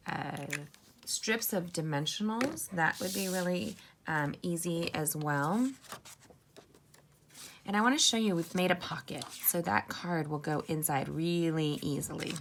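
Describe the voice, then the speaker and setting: A woman chats her way through a crafting tutorial, upbeat and personal with her viewers. Her lowish voice carries a gravelly edge, over a faint background hiss. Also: animated, a little slow. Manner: chatty, upbeat, addresses viewers as "you guys" and "sisters". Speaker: card-making instructor.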